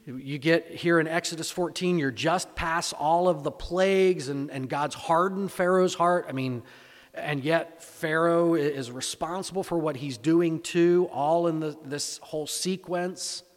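A man's voice: on the high side, unhurried. A male pastor preaching a conversational sermon, full of rhetorical questions and repeated words. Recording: echoey hall.

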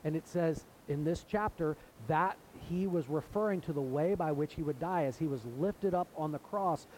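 A man's voice: on the high side, moderate pace, darkish tone, a little hiss or hum, rough recording. A man preaching a sermon in an earnest way, now and then acting out the voices of people in the story. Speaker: pastor.

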